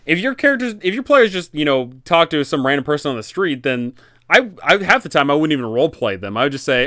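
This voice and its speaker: A man hosting a casual tabletop-game advice talk, animated and rambling, correcting himself often. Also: a little high, quick pace, no room sound, studio quality. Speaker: dungeon master and channel host.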